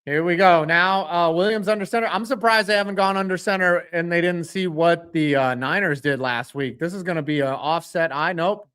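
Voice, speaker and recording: A man's voice: sits high, fairly quick, hardly any pauses, a bit bright, smooth. A man giving live reaction commentary on a football game, calling plays, joking with his chat and cursing at the referees' calls.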